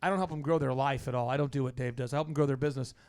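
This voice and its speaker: A male podcast host chatting casually in a home basement room with concrete floors, talking with energy and rattling off long rapid lists. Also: mid-range voice, steady tone, darkish tone, clean tone. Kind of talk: casual interview chat.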